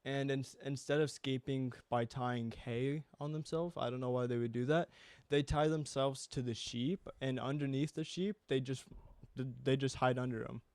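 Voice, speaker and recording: Young man, podcast co-host, casual rambling chat, swears, smooth clear voice, dry close sound. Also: mid-range voice, fairly even intonation, normal speed, a little mellow, dry recording.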